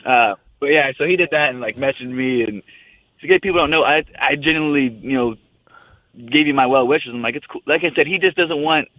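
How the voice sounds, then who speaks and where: A man in his twenties talks in a fast, loose stream, cussing freely. The line is thin and phone-like, with a dry sound and no room around it. He rambles from one thought to the next. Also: on the high side, dry recording. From United States. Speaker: guest fighter. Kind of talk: casual radio interview.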